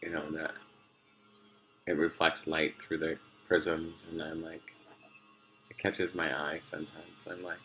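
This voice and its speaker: A vlogger with a very deep, monotone voice speaks to viewers from a room at home at a measured pace, leaving long pauses. His tone is bright and forceful over soft background music. He meanders off topic in a personal video diary, laughing often and using many fillers.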